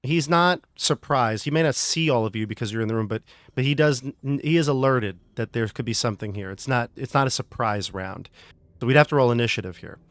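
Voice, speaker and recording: Game master, man, steady mid voice, relaxed rule explanations. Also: mid-range voice, fairly quick, no echo. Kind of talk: running a tabletop game.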